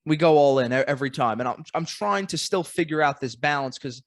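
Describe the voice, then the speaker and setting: A man's voice: fairly high pitch, a little fast, dry recording, clean studio sound. A man hosting a podcast, thinking aloud in a casual, rambling way with many fillers. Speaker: podcast host. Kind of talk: casual interview chat.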